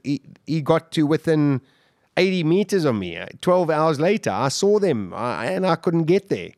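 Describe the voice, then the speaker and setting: A man telling his survival story as a podcast guest, intense and halting, with many restarts. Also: fairly high pitch, very animated, darkish tone, no echo, studio quality. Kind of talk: emotional storytelling interview.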